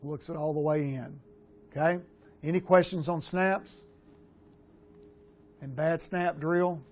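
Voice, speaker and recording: A middle-aged man coaching quarterbacks, talking bluntly through game film with casual swearing and animated asides. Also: on the high side, takes it slowly. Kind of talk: film breakdown coaching talk.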